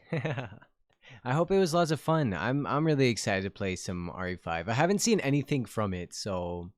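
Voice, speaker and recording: A man streaming live and chatting casually with viewers, giggling often and gasping with excitement. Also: mid-range voice, normal speed. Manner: giggly, excitable, gasps and frequent exclamations.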